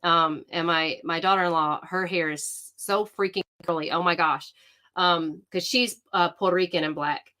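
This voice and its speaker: A middle-aged woman hosting a livestream, chatting excitedly and greeting viewers by name. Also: lowish voice, moderate pace. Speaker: livestream host. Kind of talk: casual livestream chat.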